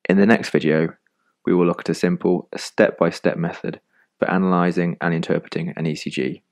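A man narrating a scripted medical lesson in calm, measured explanations. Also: sits low, creaky.

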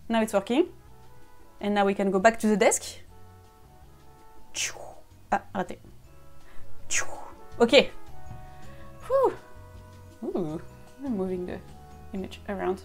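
A French woman with a French accent chatting excitedly to herself during a casual live stream, slipping between English and French. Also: mid-range voice, slow, long pauses, faint music behind. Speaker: costume maker streaming live. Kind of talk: casual live-stream chat while unboxing.

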